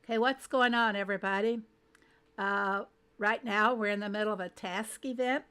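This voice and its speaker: A woman's voice: mid-range voice, steady tone, normal speed, a bit bright, clean tone. A woman hosting a casual game livestream, greeting viewers one by one by name and thinking aloud as she adjusts her screen. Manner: thinks aloud while fiddling with settings.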